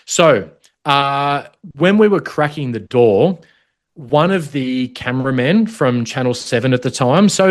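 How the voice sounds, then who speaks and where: A middle-aged Australian man, a former protection officer, telling stories in an interview in a blunt, matey way with swearing, choked up at times. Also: medium pitch. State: choked up, holding back tears at times. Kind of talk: emotional storytelling interview.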